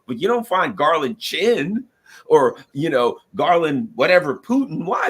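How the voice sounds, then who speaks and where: A man's voice: on the high side, very animated, measured pace, fairly bright tone, slightly rough. A man from the United States delivering an opinionated political commentary, arguing emphatically and acting out what nations might say. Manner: emphatic, argumentative, acts out quoted voices of nations.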